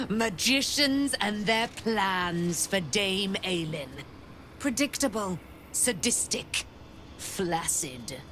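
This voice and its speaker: A woman's voice: mid-range voice, animated, drawn-out words, long pauses, fairly bright tone, slight background noise. An actress playing a proud, indomitable female paladin in a video game, speaking in a grand, declamatory way. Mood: scornful. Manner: grand, declamatory, archaic phrasing.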